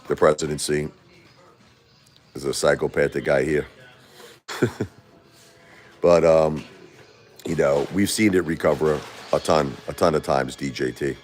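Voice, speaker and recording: A man, chatting casually and rambling on a livestream, laughing often. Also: a bass voice. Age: 40s. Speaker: livestream host.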